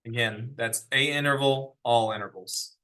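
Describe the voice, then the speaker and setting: A man's voice: mid-range voice, normal speed, bright, forceful tone. A man teaching a math lesson in a classroom, explaining step by step and asking the class questions. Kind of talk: classroom lecture.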